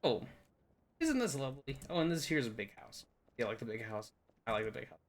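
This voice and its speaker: A young man rambles through a casual game map tour in a goofy, playful way. His voice sits at an ordinary middle pitch, loose and unhurried, with jokey asides. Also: sing-song. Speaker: game video host.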